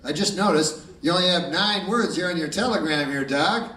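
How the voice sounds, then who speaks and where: A man's voice: on the high side, fairly quick. A man doing a pushy telegraph clerk. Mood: pitching. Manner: pushy salesman patter. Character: brash male telegraph clerk hawking a deal. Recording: echoey live hall, far mic, loud crowd.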